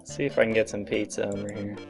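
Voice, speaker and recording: A man with a somewhat low voice plays an adventure game while chatting with a friend. His remarks are dry and deadpan. Faint game music sits behind him. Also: fast, vocal fry. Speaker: let's play co-host. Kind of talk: casual gameplay commentary.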